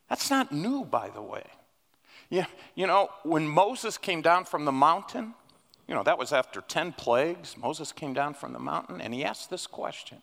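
A man preaches a sermon from the pulpit, his voice bright and ringing. He swings widely in pitch and builds to emphatic peaks. The sound carries a long reverb from a church hall. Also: moderate pace, vocal fry. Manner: animated, rising to emphatic peaks. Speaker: guest preacher. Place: church sanctuary.

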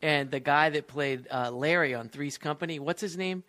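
A male comedian telling a funny story on a podcast, excitable and laughing as he goes. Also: on the high side, moderate pace. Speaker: comedian guest. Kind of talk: animated anecdote telling.

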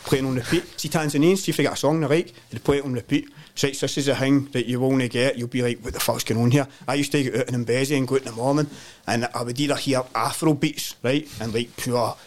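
A Glaswegian man telling stories as a podcast guest, animated and full of swearing, acting out other people's voices. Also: mid-range voice, fast talker. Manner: animated storytelling, heavy swearing, acts out voices. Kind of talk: casual chat.

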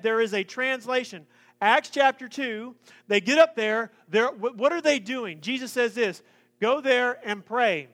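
A man preaching a sermon, joking and lively in his asides. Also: extremely high pitch. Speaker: pastor.

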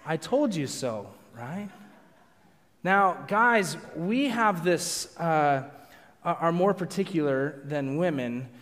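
A man preaching to a live congregation, telling a self-deprecating personal story in an animated way. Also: a little high. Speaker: pastor. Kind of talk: storytelling sermon. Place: large hall with a live audience. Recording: long hall reverb.

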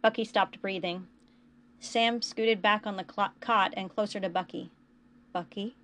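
A woman podcast host reading fan fiction aloud in a quiet, even storytelling manner. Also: mid-range voice, moderate pace, slight background noise.

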